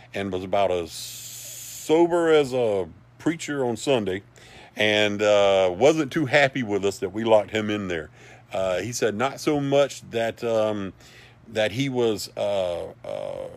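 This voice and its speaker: Brief: a man with a lowish voice, hosting a casual livestream, folksy and rambling. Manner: rambling and folksy, with many asides. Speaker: livestream host for a paranormal society. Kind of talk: casual storytelling and reading viewer comments.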